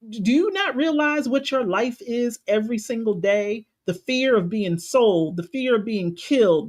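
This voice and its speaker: A woman life coach giving a motivational talk on a live stream, emphatic and passionate, repeating phrases for emphasis. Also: on the high side. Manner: passionate, preacher-like cadence.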